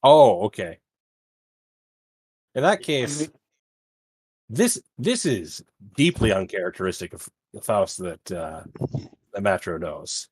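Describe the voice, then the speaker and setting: A man's voice: lowish voice, very animated, takes it slowly, long pauses, darkish tone, husky, no echo. A man playing a tabletop game, talking carefully and hesitantly, often repeating words. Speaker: player. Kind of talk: casual tabletop game talk.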